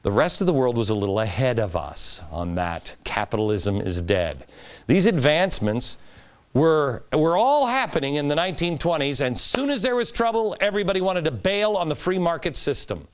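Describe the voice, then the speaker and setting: A man's voice: a little high, normal speed. A middle-aged man hosting a talk show, giving an emphatic political commentary monologue. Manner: animated, emphatic, rising to stress points.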